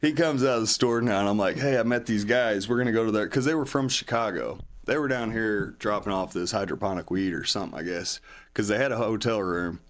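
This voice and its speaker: A man spins a loose, rambling story in casual chat. His voice sits fairly low, and he jumps higher whenever he acts out someone else's lines. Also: brisk. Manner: rambling, acts out other people's lines in a raised voice. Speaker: podcast guest.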